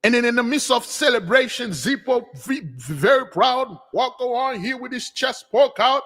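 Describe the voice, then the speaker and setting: A man teaching a spiritual lesson as an animated storytelling sermon. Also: very high voice, moderate pace, few pauses. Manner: animated storytelling, acts out voices. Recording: long hall reverb.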